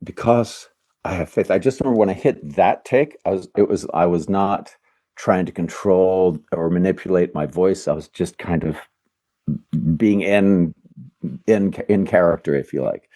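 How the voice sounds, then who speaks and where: A man's voice: deep voice, moderate pace, mellow. An older man, a voice actor guest, answering interview questions in an earnest, reflective way, often searching for words.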